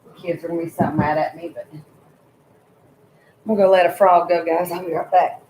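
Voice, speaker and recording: A woman's voice: lowish voice, steady tone, moderate pace, a little mellow, roomy sound, slight background noise, low-quality recording. Laid-back woman live-streaming. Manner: loose, laughing, swears casually, talks to pets. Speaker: livestream host. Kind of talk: casual live stream chat.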